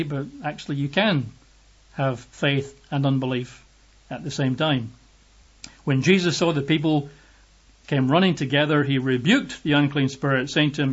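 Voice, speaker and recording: A man preaches in a relaxed, conversational way, moving between scripture reading and emphatic asides. His voice sits a little high for a man and has a husky edge. The recording sounds dull and lo-fi. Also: moderate pace.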